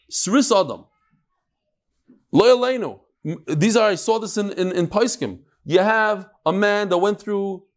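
Man giving a Talmud lesson, slightly high voice, lively swings in pitch, study hall. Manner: explains in English, mixing in Hebrew and Aramaic terms; animated, with sudden swings up and down in pitch. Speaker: Talmud teacher. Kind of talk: Talmud class lecture.

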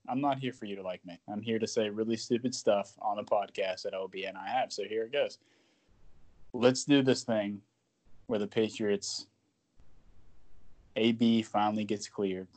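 A man co-hosting a sports podcast, talking in a joking, animated way and sometimes dropping to a whisper. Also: on the low side, normal speed, long pauses. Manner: animated, jokey, drops to a whisper at times. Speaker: podcast co-host. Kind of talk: casual sports podcast chat.

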